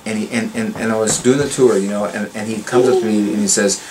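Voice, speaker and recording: A man's voice: lowish voice, steady tone, fast, darkish tone, a little hiss or hum, poor audio. An older man telling stories on a garden tour, enthusiastic and preachy, repeating and restarting his words. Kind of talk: casual storytelling. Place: outdoor garden.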